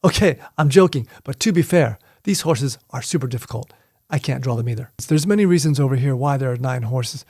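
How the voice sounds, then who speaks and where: A man's voice: mid-range voice, a little fast, a little mellow, no room sound, studio quality. Playful middle-aged male martial arts teacher. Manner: playful, joking asides. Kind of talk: casual explanatory talk.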